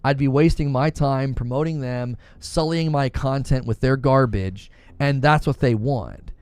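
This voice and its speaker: A man's voice: medium pitch, a little slow, darkish tone, clean tone, no room sound. A man hosting a gaming news show, talking casually and with exasperation, repeating himself as he rants. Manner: exasperated, repetitive, conversational ranting. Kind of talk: casual opinion commentary.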